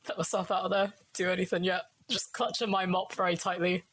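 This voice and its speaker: A woman taking part as a player in a tabletop game, thinking aloud in a measured way with fillers. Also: fairly low pitch, little pitch movement, slightly rough. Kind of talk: casual chat.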